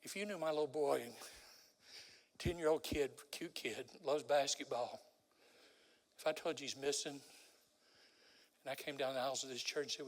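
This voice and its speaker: An older man preaching a sermon as a guest preacher, telling stories dramatically and swinging from loud exclamations to hushed pleas. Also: medium pitch, normal speed, long pauses. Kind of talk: sermon with storytelling. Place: large church sanctuary. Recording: long hall reverb.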